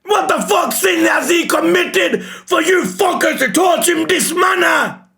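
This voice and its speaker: A man reacting live to a manga chapter, emotional and shouting, swearing often. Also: very high voice, animated, measured pace, vocal fry, a crowd in the background. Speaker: reaction streamer.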